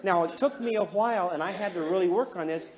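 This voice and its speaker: A man's voice: high-pitched, fast. A middle-aged man giving a counseling seminar, telling humorous, self-mocking stories about his marriage to a live audience. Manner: animated, jokey, self-mocking, swings from hushed to loud.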